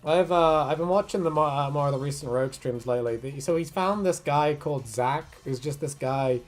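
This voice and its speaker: A woman's voice: deep voice, fairly quick, soft background music. A woman streaming her art, chatting casually, swearing freely and laughing a lot as she rambles through stories. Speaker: artist streamer.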